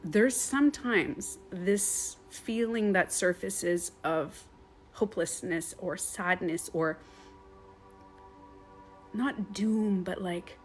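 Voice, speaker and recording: Animated, rambling meditation coach woman. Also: mid-range voice, slow pace, soft background music. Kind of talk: casual live-stream monologue.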